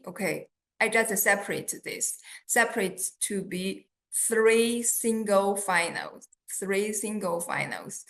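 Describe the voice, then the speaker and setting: A woman with a Chinese accent teaching a beginner lesson, patient and deliberate, drawing out sounds to demonstrate them. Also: mid-range voice, animated.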